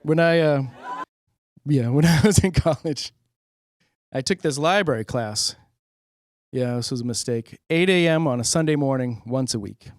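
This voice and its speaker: A young man doing a stand-up comedy set, deadpan and rambling, acting out characters in quick voices. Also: mid-range voice, dry recording, studio quality.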